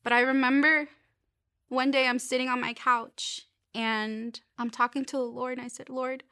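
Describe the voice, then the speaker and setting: A young woman sharing a personal faith testimony, earnest and halting, often restarting her sentences. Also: sits high, little pitch movement, sharp tone, no room sound, clean studio sound.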